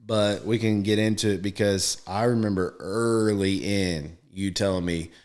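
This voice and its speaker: A podcast host with a fairly low voice chats casually with his guest. He teases him, laughs easily, and cuts in with quick remarks. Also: steady tone, a little mellow. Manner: teasing, laughing, quick interjections. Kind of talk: casual interview chat.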